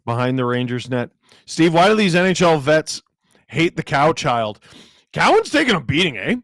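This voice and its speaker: Hoarse man calling hockey live. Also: a little high, no echo. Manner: rapid play-by-play with sudden excited shouts. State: hoarse from a cold. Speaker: host, live game watch-along. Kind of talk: live hockey play-by-play and chat reading.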